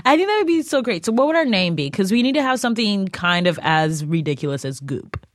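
A woman co-hosting a comedy podcast, chatting with animated enthusiasm. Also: medium pitch, a little fast, no room sound, clean studio sound. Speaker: podcast co-host. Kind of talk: casual comedic chat.

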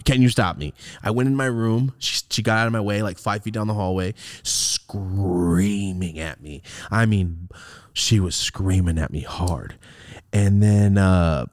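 A man's voice: fairly low pitch, moderate pace, no room sound, clean studio sound. A man hosting a podcast, telling a story casually, acting out quotes, swearing and laughing often. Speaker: podcast host.

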